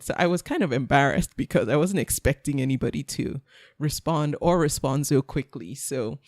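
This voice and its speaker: A woman's voice: rumbling low, moderate pace, darkish tone, no room sound, clean studio sound. A woman hosting a podcast interview, chatty and conversational, often restarting her sentences. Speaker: podcast host. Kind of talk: casual interview chat.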